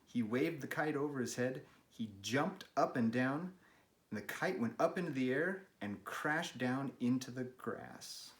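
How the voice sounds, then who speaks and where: A man hosting a children's read-aloud, narrating a story and making gentle, chatty asides to a pet. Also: medium pitch, expressive, a little slow. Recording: roomy, echoey room.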